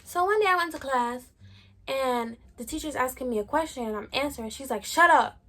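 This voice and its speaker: A woman's voice: sits high, animated, fairly quick, fairly bright tone. A young adult woman vlogger telling a story in slangy, chatty talk full of "like". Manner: slangy, chatty, lots of "like" fillers. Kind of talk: casual storytime chat.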